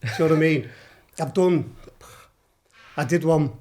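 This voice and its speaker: Middle-aged Scouse bloke, raised voice, spins wild yarns with plenty of swearing and laughter. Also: male voice, on the high side, moderate pace. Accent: Liverpool Scouse. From Liverpool, England. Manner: animated, swears a lot, laughs while telling. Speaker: podcast guest. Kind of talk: storytelling anecdote.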